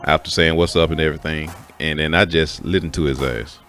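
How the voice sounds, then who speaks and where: A man with a very low voice recounts a personal story in a loose, candid way. He swears freely and addresses his listeners directly as folks. Faint music plays underneath. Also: fairly even intonation, fairly quick, a bit bright. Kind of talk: casual spoken story.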